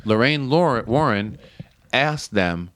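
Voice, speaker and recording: A man's voice: medium pitch, animated, slow pace, fairly bright tone, no room sound. A man from Connecticut telling a story as a podcast guest in casual, profane chat. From New Haven, Connecticut.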